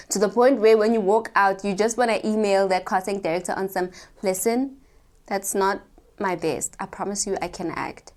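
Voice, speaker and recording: Young woman vlogger, low-ish pitch, animated and chatty, addresses the camera directly. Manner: animated, chatty, talks straight to viewers. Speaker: actor sharing advice. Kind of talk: casual vlog storytelling.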